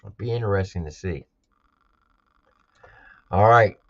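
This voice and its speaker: Low-voiced man giving live reaction commentary. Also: unhurried, lo-fi sound, background noise. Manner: casual, emphatic, repeats his points. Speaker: host reacting to an album.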